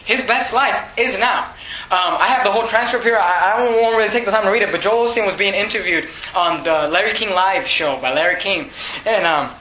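A man preaches with a high, bright voice, rising to shouts and dropping to near hushes. The sermon rings around an echoey church hall. A faint background hiss sits under it. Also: a little fast. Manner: fervent preaching that swings from shouted peaks to hushed lows. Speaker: pastor.

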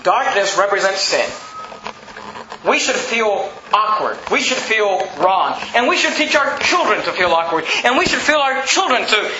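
A man's voice: high-pitched, very animated, moderate pace, background noise. A pastor preaching a sermon emphatically, mocking his listeners with put-on quotes. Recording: roomy, slightly dull recording.

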